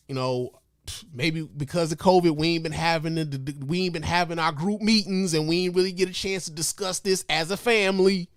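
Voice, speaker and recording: A male podcast host rants comedically into his microphone, profane and mock-outraged, swinging from loud outbursts to low mutters and chuckles. The recording is dry, with clean studio sound.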